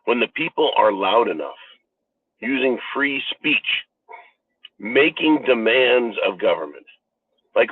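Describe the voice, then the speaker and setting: Husky-voiced man ranting on a thin line. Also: medium pitch, expressive, takes it slowly, long pauses, no room sound. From United States. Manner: emphatic, profane, ranting. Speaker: commentary channel host. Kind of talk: political commentary monologue. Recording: phone-like narrow band.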